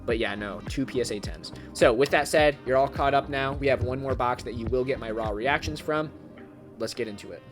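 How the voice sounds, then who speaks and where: A man vlogging casually about graded trading cards, talking fast and chatty and breaking into excited shouts. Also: mid-range voice, faint music behind. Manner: excitable, bursts into loud shouting at good pulls. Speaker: card collecting YouTuber. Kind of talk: casual unboxing vlog.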